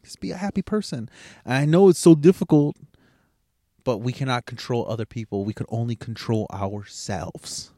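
A man's voice: mid-range voice, normal speed, mellow, no room sound, studio quality. A middle-aged man hosting a podcast alone, talking in a rambling, blunt, profane motivational way. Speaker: podcast host. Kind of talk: casual motivational monologue.

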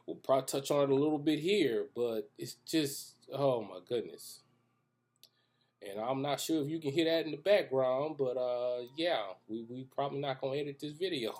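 A man's voice: medium pitch, moderate pace, darkish tone. Guy with preaching off the cuff, jokey asides, lots of restarts. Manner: loose, joking asides and frequent restarts. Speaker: Christian video commentator. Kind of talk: casual preaching monologue. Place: room with echoey acoustics.

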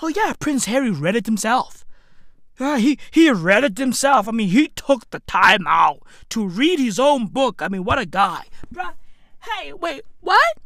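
Animated high-pitched woman ranting. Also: unhurried, no room sound. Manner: profane, exclamatory, incredulous; repetitive, stacks interjections. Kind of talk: comedic rant.

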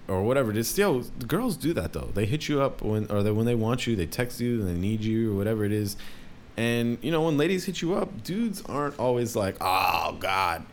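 A young man, a DJ, telling a rambling story in casual talk, swearing often and jumping up in pitch for quoted voices. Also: slight background noise.

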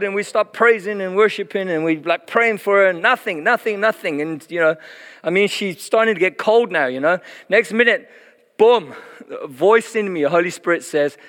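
A middle-aged man preaches, telling his story in a lively, chatty way with many fillers. His voice sits fairly high for a man. The sound rings with a long reverb, as in a church hall. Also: moderate pace. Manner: animated, chatty, laughs often, many fillers. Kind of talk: sermon testimony storytelling.

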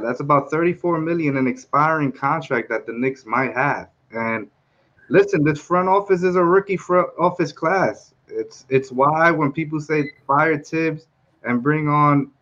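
A man co-hosting a casual sports talk show, animated and repeating himself to make his points. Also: mid-range voice, muffled recording. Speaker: podcast co-host.

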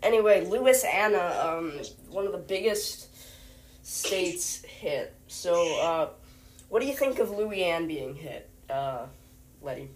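Young woman, mock news host, lower pitch, slow, rambling, lots of ums. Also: lively intonation, a little hiss or hum. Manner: rambling, hesitant, full of fillers. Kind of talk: playful mock newscast.

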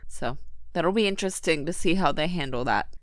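A woman's voice: low voice, lively intonation, fairly quick, no echo. A woman hosting a podcast in a friendly, casual way, with some hesitant fillers. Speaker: podcast host. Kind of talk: casual chat.

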